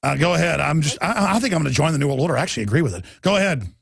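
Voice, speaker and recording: Gravelly ranting talk radio man. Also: fairly high pitch, lively intonation, very fast, dry recording, clean studio sound. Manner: heated, ranting, mocking. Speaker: radio talk show host.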